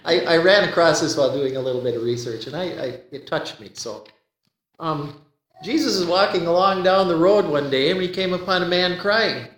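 A man giving a sermon, telling a gentle joke and then teaching, often repeating a word as he begins a sentence. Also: fairly high pitch, animated, moderate pace. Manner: folksy joke-telling, repeats words when starting sentences. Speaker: preacher. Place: church. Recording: echoey church from a distance.

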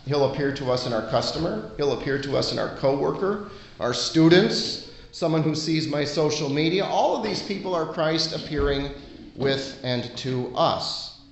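A man gives a sermon in an earnest, conversational way, pausing often between short phrases. His voice sits a little high for a man. The room is echoey, with faint ambience underneath. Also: a little hiss or hum. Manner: earnest, conversational preaching with frequent pauses. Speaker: preacher.

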